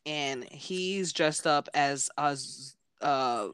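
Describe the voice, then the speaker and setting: A young woman co-hosting a podcast, recapping chapters in casual chat with animated retellings. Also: low voice, drawn-out words, clean tone, no echo. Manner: animated retelling with playful quoted voices. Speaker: podcast co-host.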